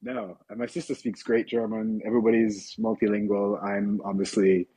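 A man in his forties chatting casually on a podcast, rambling and self-deprecating with halting restarts. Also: on the low side, creaky, warm tone, breathy edge. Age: 40s. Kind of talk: casual chat.

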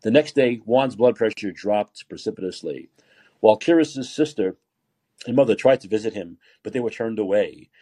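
Husky-voiced man ranting angrily. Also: lowish voice, animated, normal speed, warm tone. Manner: angry, profane ranting. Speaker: podcast host. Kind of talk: opinionated political commentary.

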